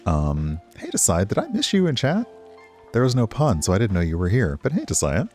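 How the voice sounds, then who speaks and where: Deep-voiced man chatting while streaming a game. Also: wildly swooping pitch, fairly quick, a little mellow, soft background music. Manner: rambling, chatty, talks to chat. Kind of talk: casual gameplay commentary.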